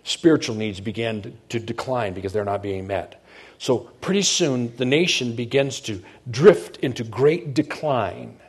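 Middle-aged male pastor, husky mid-range voice, chatty sermon delivery that keeps asking the congregation if they follow. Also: mid-range voice, expressive, measured pace. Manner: conversational, checks in with the congregation.

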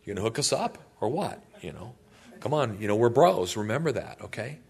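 A man's voice: mid-range voice, sing-song, brisk, gravelly, slightly rough, exaggerated voice. A man voicing whining, wheedling tribesmen who ask their old leader for favors, in a chummy, complaining tone.

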